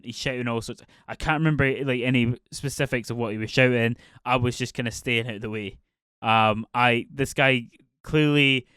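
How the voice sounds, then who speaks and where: A young man recounts a story on his podcast in a loose, rambling way, full of ums and restarts. His mid-pitched voice is smooth, and the recording is dry and close. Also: a bit bright, dry recording. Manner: rambling, many fillers and restarts. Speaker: podcast host. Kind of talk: casual storytelling.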